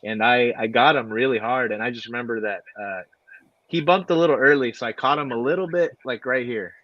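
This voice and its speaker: A man, a guest wrestler, telling stories in a relaxed way, with lots of fillers and laughter. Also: mid-range voice, fairly quick, no echo. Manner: laid-back, many fillers, laughs while telling stories. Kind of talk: casual storytelling. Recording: dry, dull lo-fi audio.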